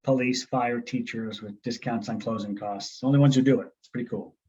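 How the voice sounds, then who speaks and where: A middle-aged man co-hosting a podcast from his laptop, tossing out dry quick one-liners in casual chat. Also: mid-range voice, steady tone, dark tone, breathy edge. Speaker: podcast co-host. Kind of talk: casual chat over a video call. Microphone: laptop mic on a video call. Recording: dull lo-fi call audio with faint noise.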